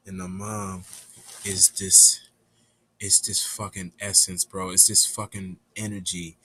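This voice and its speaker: A young man telling a rambling, profane story in a casual, animated way. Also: fairly low pitch, unhurried, husky.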